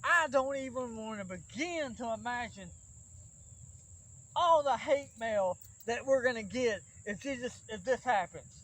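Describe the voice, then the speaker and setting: Host for a backyard wrestling vlog: a very high-pitched man with a Southern Alabama accent, rambling and worried, recorded outdoors among insects. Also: lively intonation, a little slow, a bit bright, rough recording. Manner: rambling and fretful, with restarts. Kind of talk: casual rambling vlog talk.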